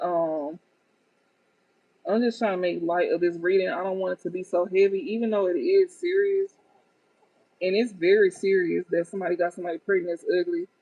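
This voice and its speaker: A woman with a mellow, lowish voice gives her viewers a laid-back tarot reading over a dry, tinny, phone-like sound. She's frank and foul-mouthed, often bursting into laughter at the cards.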